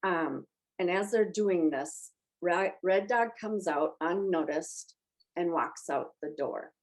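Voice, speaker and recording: A woman's voice: lowish voice, slow, low-quality recording. A woman on a movie podcast, chatty and emotional as she retells a film's plot. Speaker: podcast panelist. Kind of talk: casual movie discussion.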